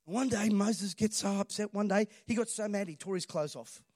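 A pastor preaches with emphatic energy and keeps calling on the congregation to answer him. His voice sits notably high for a man, and the recording is close and dry, with little room sound. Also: normal speed, darkish tone, dry recording. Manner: emphatic preaching, calls for audience response. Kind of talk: sermon.

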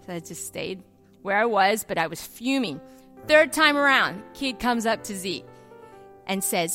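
A middle-aged woman pastor preaching a sermon, telling personal stories in an animated way and acting out the voices she quotes. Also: a little high, normal speed, faint music behind.

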